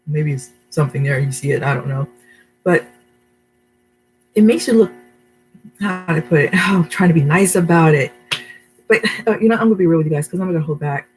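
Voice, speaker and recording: A woman's voice: low voice, fairly quick, long pauses, soft background music, rough recording. A middle-aged woman chatting and giving advice on her video channel from her bedroom, rambling and laughing at herself. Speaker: vlogger. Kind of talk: casual advice vlog.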